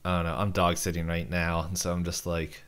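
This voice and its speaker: Rambling man with a smooth low voice. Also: completely flat delivery, a little fast, fairly bright tone. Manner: rambling, full of fillers and restarts. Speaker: podcast co-host. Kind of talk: casual movie-reaction chat.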